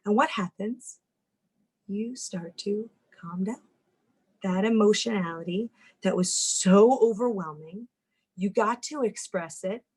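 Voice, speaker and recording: Woman, family therapist, parenting talk, animated, acts out inner voices, repeats words. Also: mid-range voice, slow pace, breathy edge, poor audio. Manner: repeats words and restarts sentences when speaking.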